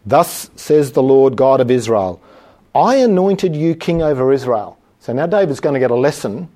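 A man preaching a sermon, reading scripture slowly with emphasis and then explaining it in plain conversational talk, with the odd chuckle. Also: medium pitch, dark tone.

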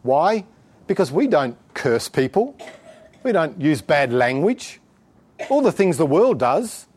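A man delivering a sermon with a somewhat high voice that swings widely in pitch. He preaches emphatically and exhorts his listeners, often breaking into chuckles. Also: breathy edge.

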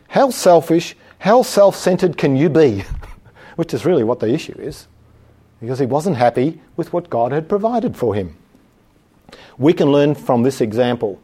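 Male preacher, a touch higher-pitched than most, husky tone, emphatic scripture reading between chatty explanations. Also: very animated, dark tone. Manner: reads scripture slowly and emphatically, then explains it conversationally. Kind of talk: sermon.

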